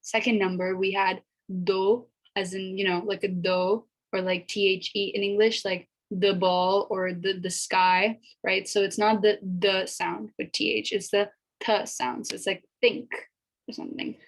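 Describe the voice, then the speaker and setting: A woman giving a casual spoken language lesson, chatty and repeating each sound slowly for learners to copy. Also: mid-range voice, level tone, low-quality recording. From America. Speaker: language teacher.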